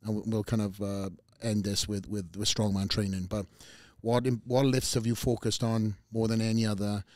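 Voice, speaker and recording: A man's voice: on the low side, flat delivery, normal speed, darkish tone, no room sound. A man hosting a podcast interview who asks questions and teases his guest with jokey banter. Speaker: podcast host. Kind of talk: casual interview chat.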